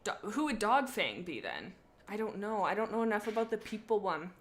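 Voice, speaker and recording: A young woman streaming live, casually reading fan fiction aloud with excitable, giggly, rambling tangents. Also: mid-range voice, brisk, background noise.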